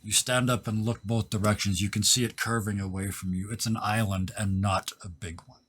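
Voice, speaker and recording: A man runs a tabletop game as its game master, his low voice a little husky. He paints each scene in vivid detail and sinks to a near-whisper when the moment turns tense. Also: little pitch movement, fairly quick, fairly bright tone.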